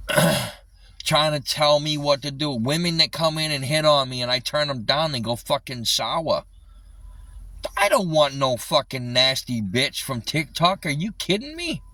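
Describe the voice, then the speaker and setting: Man, livestreamer, furious rant, heavy swearing, bright tense tone, dry sound a bit off the phone mic. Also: a little high, no echo, far from the mic, low-quality recording. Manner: angry, swearing constantly, repeats himself. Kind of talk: ranting live stream.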